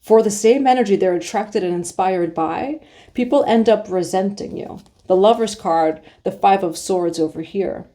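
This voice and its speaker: A woman's voice: medium pitch, moderate pace, mellow. Woman reading tarot cards for her viewers, chatty and encouraging, hums bits of songs in between. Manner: chatty, affirming, sings snatches of songs. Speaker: tarot reader. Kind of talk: casual spiritual tarot reading.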